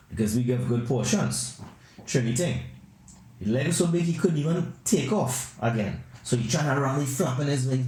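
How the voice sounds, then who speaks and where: A man hosting a podcast who tells rambling, animated comic anecdotes. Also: medium pitch. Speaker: podcast host. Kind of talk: comedic storytelling. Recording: roomy echo.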